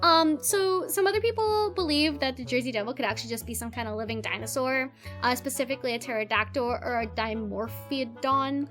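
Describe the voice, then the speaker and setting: High-voiced giggly young woman vlogging. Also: fairly quick, hardly any pauses, fairly bright tone, soft background music. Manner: giggly, laughs often mid-sentence; casual and profane, jokey. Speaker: YouTube host presenting cryptids. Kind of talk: casual narrated video, unscripted asides.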